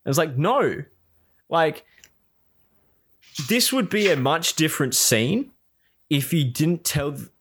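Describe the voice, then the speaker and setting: Animated casual man, acting out scenes. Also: fairly high pitch, slow, pauses often, slight background noise. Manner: animated, acts out characters' lines, swears freely. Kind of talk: casual chat about a TV series.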